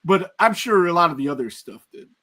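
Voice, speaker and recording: Podcast host guy, pretty high voice, laid back chat. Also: animated, fairly quick, a bit bright. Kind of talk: casual interview chat.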